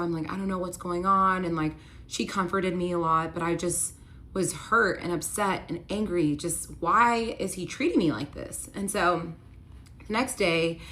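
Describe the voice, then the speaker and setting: Chatty woman with a low voice. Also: fairly bright tone, slight background noise. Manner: chatty, constant "like", acts out quoted dialogue. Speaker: storytime vlogger. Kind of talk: casual storytelling.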